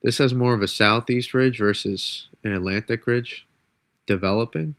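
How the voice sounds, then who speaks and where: A man's voice: mid-range voice, normal speed, fairly bright tone, dry recording. A man forecasting weather on a live stream, rambling and restarting his sentences, stuffy and under the weather with a cold. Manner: rambling, self-correcting, casual. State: congested from a cold.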